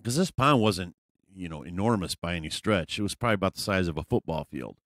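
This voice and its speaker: A man's voice: low-pitched, animated, fast, fairly bright tone, no echo, studio quality. A man vlogger telling a personal story in a casual, rambling way, full of fillers and profanity.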